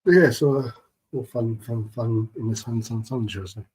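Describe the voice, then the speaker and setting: A man's voice: medium pitch, normal speed, darkish tone, breathy edge, poor audio. A man chatting casually on a live stream, greeting viewers and reading their messages in a laid-back, chummy way, keeping his voice down.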